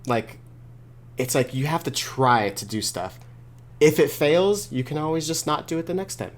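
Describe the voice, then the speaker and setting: A man talking casually as an interview guest, rambling and filling pauses with "like" and "you know". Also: on the high side. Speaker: guest, wrestler and creator.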